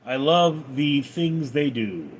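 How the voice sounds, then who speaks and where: A man's voice: mid-range voice, animated, takes it slowly, slight background noise. A man livestreaming, reading viewers' names and comments aloud, then answering them offhand. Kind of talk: reading out and answering live chat.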